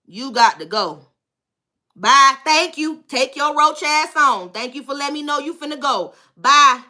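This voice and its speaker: A woman's voice: sits high, animated, measured pace, sharp tone. A woman tarot reader on a livestream, effusively thanking and blessing viewers and bluntly cursing out trolls.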